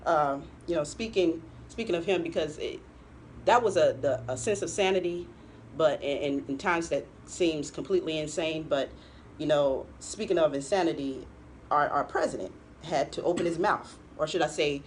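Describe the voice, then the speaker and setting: A woman's voice: deep voice, moderate pace, a little hiss or hum. A woman co-hosting a political talk show, giving pointed commentary and laughing often. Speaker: co-host.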